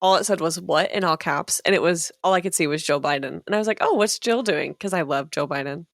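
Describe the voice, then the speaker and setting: A woman's voice: lowish voice, fairly quick, no echo, studio quality. Laughing, eager woman co-host. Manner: laughs often, enthusiastic reactions. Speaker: podcast co-host. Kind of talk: casual interview chat.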